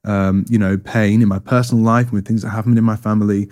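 Thoughtful man, low mellow voice. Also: level tone, fast talker. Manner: thoughtful, hesitant, many fillers and restarts. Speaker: interview guest. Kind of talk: reflective personal testimony.

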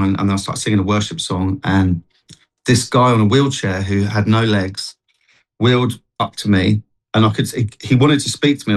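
A man's voice: lowish voice, poor audio. A man, a guest on a TV chat show, telling a personal faith story in an earnest, rambling way with many restarts. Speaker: guest, street worship singer.

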